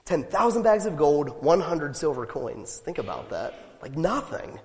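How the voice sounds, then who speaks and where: Male pastor, animated sermon delivery, fairly high voice, long echoing hall. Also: measured pace. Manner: animated, emphatic preaching with rhetorical questions.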